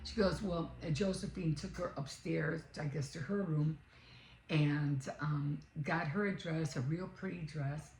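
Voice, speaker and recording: A woman's voice: low voice, steady tone, unhurried, a little mellow, reverberant, slight background noise, rough recording. A woman casually retelling a story, rambling along with many fillers and self-corrections. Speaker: vlogger.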